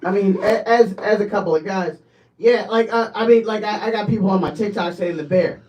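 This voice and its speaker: A podcast co-host on a casual chat halts and restarts his sentences a lot, frequently breaking into higher, louder, animated bursts. He sounds distant from the mic, and the recording is dull and lo-fi.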